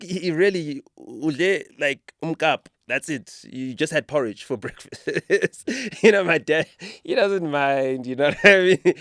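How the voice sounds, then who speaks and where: In a casual podcast conversation, a host with a South African accent speaks with conviction, his storytelling gaining animation as he goes. He has a mid-range voice, recorded at studio quality with no room sound.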